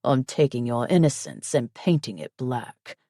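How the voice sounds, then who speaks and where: A woman narrator voicing a possessive, commanding young mafia husband in a low, husky, domineering tone for an audiobook. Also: unhurried, warm tone, no room sound, studio quality, heavily acted. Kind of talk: audiobook character voice.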